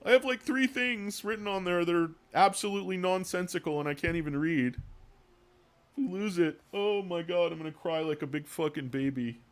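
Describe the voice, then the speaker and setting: A man voicing a frantic, whiny woman fussing over a lost piece of paper, in a high panicky whine. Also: moderate pace.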